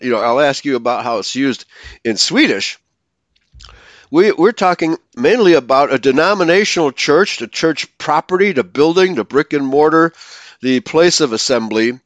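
A man's voice: mid-range voice, animated, normal speed, no echo. A man from Germany hosting a radio talk show, rambling with many fillers and tag questions. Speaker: radio host.

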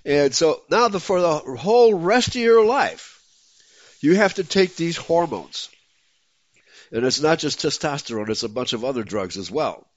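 A man hosting a talk show, speaking in an excitable, emphatic way and often breaking into laughter. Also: on the high side, moderate pace, no echo. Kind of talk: casual talk show conversation. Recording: dull lo-fi dry sound.

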